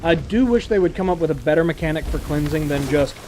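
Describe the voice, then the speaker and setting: A man's voice: a little high, quick pace, darkish tone, a little hiss or hum. A man streaming a game live, chatting casually and laughing often at what happens on screen. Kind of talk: casual live gameplay commentary.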